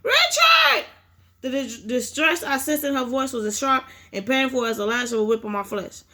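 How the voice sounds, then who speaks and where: A woman reading aloud voices a frantic mother shouting for her missing son during a house fire. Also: fairly high pitch, a little fast, lightly acted.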